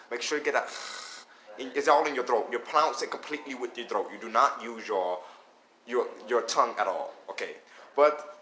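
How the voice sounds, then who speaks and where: A man teaches a beginner lesson in a loose, repetitive way, often checking in with "okay?". His voice is bright and sits at an ordinary pitch. He was recorded in an echoey room with a faint hiss behind him. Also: brisk. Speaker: language teacher. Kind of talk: casual spoken lesson.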